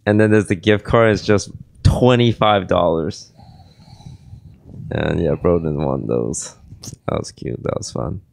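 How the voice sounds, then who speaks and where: A man's voice: deep voice, unhurried, creaky, pauses often, a little mellow. A young man hosting a casual podcast who is losing his voice, rambling and self-deprecating as he slips in ad plugs. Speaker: podcast host.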